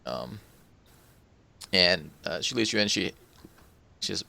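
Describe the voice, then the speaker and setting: A man's voice: deep voice, expressive, takes it slowly, creaky, pushed and bright. A man narrating as game master in a tabletop game, loose and chatty with lots of filler words. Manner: loose and chatty, full of "like" and "kinda".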